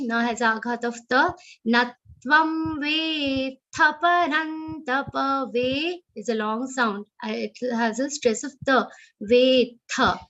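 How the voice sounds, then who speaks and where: A woman with an Indian English accent teaching Sanskrit verse recitation in an online class, correcting pronunciation and chanting lines slowly. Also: a little high, fairly bright tone, muffled recording. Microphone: video call.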